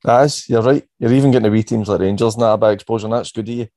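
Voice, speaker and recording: A man's voice: on the low side, steady tone, very fast, dark tone, no room sound. A hungover Scottish man hosting a casual sports podcast from his bedroom, bantering and swearing. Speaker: podcast host. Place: bedroom at home. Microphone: podcast microphone.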